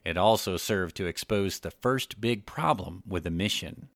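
A man with a deep voice reads an audiobook at a steady, measured pace. The recording is close and dry, with no room sound. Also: gravelly, no room sound. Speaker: audiobook narrator. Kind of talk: scripted narration.

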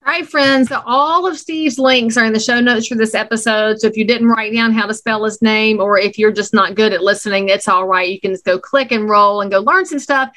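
A woman's voice: a little high, a little fast, few pauses, pushed and bright. A woman hosting a podcast, chatting with her guest in a casual, playful and teasing way. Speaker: podcast host. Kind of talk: casual interview chat.

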